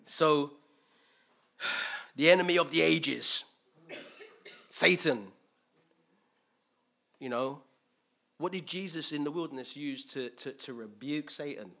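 A man preaching a conversational sermon, animated and thinking aloud, switching between loud emphasis and quiet asides. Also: on the high side, slow, gravelly, pauses often. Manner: thinks aloud with restarts and acts out quotes.

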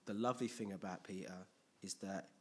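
A man preaching a sermon, retelling a story with lively, jokey slang asides. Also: on the low side, fairly quick, husky.

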